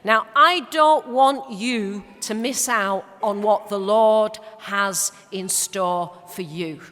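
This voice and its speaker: Slow Yorkshire woman in a reverberant church. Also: mid-range voice. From Leeds, northern England. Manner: warm storytelling with humorous asides, some hesitations. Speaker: parish mission speaker. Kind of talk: church talk with anecdotes. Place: large church.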